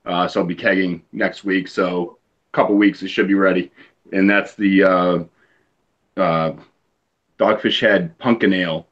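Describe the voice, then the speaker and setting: Low-voiced home brewer guy on a call, halting, muffled lo-fi audio. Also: steady tone, a bit bright. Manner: halting, stumbling over words. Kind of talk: casual live stream chat.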